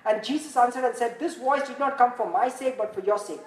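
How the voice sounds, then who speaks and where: A woman's voice: fairly quick, hardly any pauses. Woman preacher in an echoey room. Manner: animated, rising to emphatic peaks, then dropping very low and quiet; repeats and restarts phrases, rhetorical questions. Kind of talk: sermon teaching from scripture. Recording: echoey room with faint background noise.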